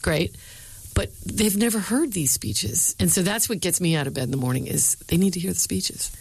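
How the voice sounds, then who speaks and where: A middle-aged woman with a notably low voice, answering questions in an interview. She tells her stories with energy and voices the people she quotes. The sound is dry and close. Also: animated, moderate pace, creaky, breathy edge, no echo, rough recording. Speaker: speechwriter and university lecturer.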